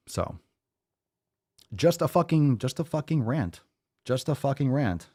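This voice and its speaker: A man's voice: mid-range voice, very animated, takes it slowly, darkish tone. A man hosting a podcast, ranting in a heated, mocking and foul-mouthed way. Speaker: podcast host. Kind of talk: profane fired-up rant.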